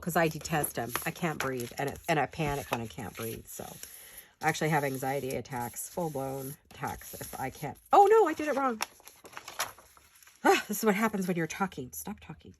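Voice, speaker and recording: A woman's voice: low-pitched, a little hiss or hum. Chatty stuffed-up woman crafting at home. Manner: chatty, rambling and self-deprecating. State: stuffed-up nose from a head cold. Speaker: paper-craft vlogger. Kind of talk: casual crafting tutorial.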